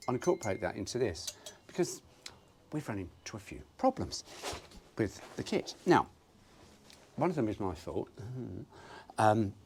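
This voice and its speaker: A man's voice: lowish voice, a little mellow, slight background noise. A man rambling through a casual car-repair vlog, self-mocking and swearing freely. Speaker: car restoration vlogger.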